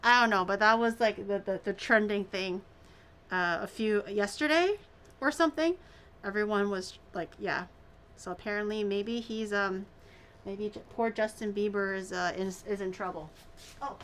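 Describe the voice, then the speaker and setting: A woman's voice: medium pitch, moderate pace, fairly bright tone, a little hiss or hum. A woman streaming herself cooking at home, chatting casually in a rambling way with exaggerated reactions. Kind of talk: casual livestream chat.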